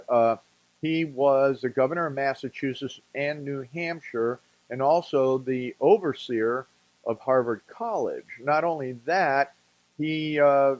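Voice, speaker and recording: A man's voice: medium pitch, dry recording, muffled recording. A man hosting a program, talking casually about colonial history in a rambling, folksy way, with jokey asides and restated words for emphasis.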